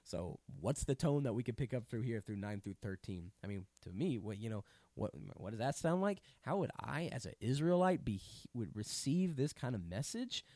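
A man leading a casual Bible study, explaining verses in a conversational, animated way. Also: medium pitch, normal speed, no room sound. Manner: conversational, animated, paraphrases scripture in everyday speech. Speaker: Bible teacher.

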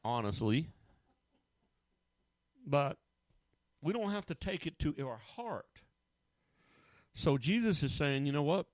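A man's voice: fairly high pitch, very animated, slow, long pauses, a little mellow, no echo. A middle-aged man preaching a sermon in a folksy, emphatic way, full of rhetorical questions. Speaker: pastor.

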